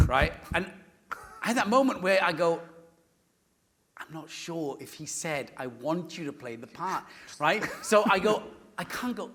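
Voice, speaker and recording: A man's voice: fairly high pitch, expressive, moderate pace, pushed and bright. A middle-aged Welsh man, a first-language Welsh speaker, telling stories on stage and acting out other people's voices with lots of laughter. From Wales. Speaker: guest actor. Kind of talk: animated anecdote telling on stage. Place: stage before a live audience.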